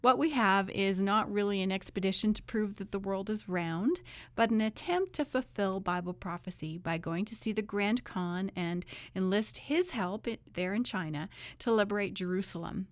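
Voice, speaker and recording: A woman's voice: mid-range voice, normal speed, no echo. A woman co-hosting a religious talk show, attentive and affirming, laughing easily in casual conversation. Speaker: co-host.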